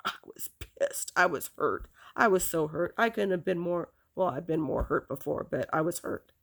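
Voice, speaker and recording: A woman recounting a painful episode from her past in a halting, emotional, casual way. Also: fairly low pitch, animated, creaky. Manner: halting, full of restarts and "you know" fillers. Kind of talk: casual spoken recollection.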